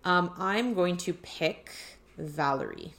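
A woman's voice: lowish voice, huge pitch swings, takes it slowly, vocal fry, a bit bright. A woman co-hosting a podcast, chatting casually and reading out quiz options one by one. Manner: reads quiz options aloud in a list. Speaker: podcast co-host. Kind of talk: casual chat.

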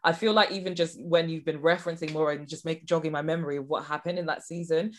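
Brief: young woman host, quick rambling delivery, slightly low voice, giggly chat. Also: steady tone. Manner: fast, rambling, giggly, lots of restarts. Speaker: podcast host. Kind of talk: casual chat.

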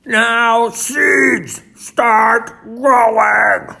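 A reader voicing a fussy, anxious male toad in a storybook read-aloud, pitched high and crying out in alarm. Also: moderate pace. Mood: frantic. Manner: excitable, cries out in high alarm.

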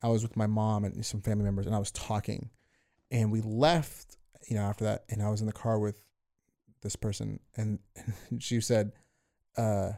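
A man's voice: lowish voice, flat delivery, normal speed, gravelly, warm tone. A young man co-hosting a podcast, chatting casually with frequent restarts and questions. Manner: hesitant, restarts often, asks for clarification; laughs while telling stories. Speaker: podcast co-host. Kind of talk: casual discussion.

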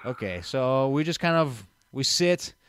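A man's voice: mid-range voice, animated, unhurried, fairly bright tone, a little hiss or hum. A young man casually telling a long story, rambling with fillers and restarts and acting out what people said. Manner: rambling, many fillers and restarts, acts out quotes. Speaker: storyteller guest.

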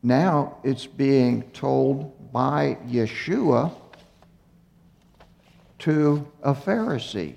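A man giving a Bible teaching, speaking slowly and haltingly with fillers and self-corrections, a little out of breath. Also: medium pitch, animated, vocal fry, darkish tone. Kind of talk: unhurried Torah teaching. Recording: muffled recording in a reverberant hall.

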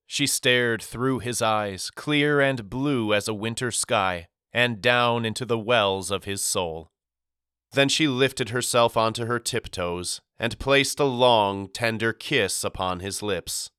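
Slow, smooth-voiced male audiobook narrator. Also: medium pitch, no echo, clean studio sound. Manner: calm, even storytelling. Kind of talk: scripted narration of a novel.

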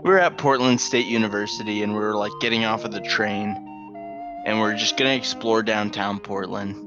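A man's voice: fairly low pitch, brisk, muffled recording, over music. A man, co-hosting a podcast, telling stories in casual banter and swearing freely. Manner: animated storytelling, swears freely. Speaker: podcast co-host.

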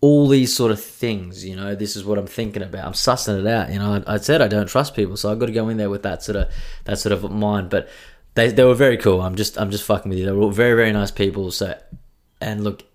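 A man's voice: on the low side, fast talker. A young man hosting a casual solo podcast, joking and swearing freely as he chats. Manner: swears freely, jokey and self-mocking. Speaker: podcast host.

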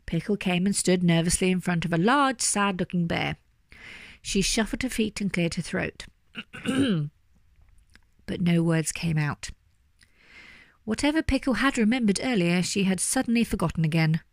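A woman reading a children's story aloud with lively, animated delivery. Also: lowish voice, moderate pace, no echo, clean studio sound. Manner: animated, doing character voices. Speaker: storybook reader.

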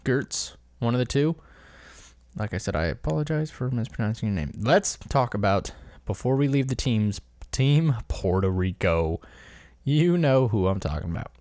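A podcast host rambles through a casual solo commentary episode, correcting himself as he stumbles over names. His mid-range voice is expressive and a little mellow at a moderate pace, captured as a dry, clean studio recording.

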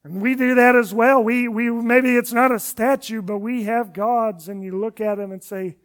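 High-voiced preacher acting out scripture. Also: male voice, fairly even intonation, normal speed, hardly any pauses. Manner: retells scripture with dramatic voices, dropping to a quiet, low finish. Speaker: pastor. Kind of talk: expository sermon.

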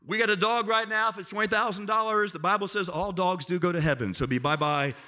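A middle-aged man preaching a sermon, telling personal stories in a lively way and acting out his family. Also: high-pitched, fast. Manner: animated storyteller, acts out family members in raised voice. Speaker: pastor.

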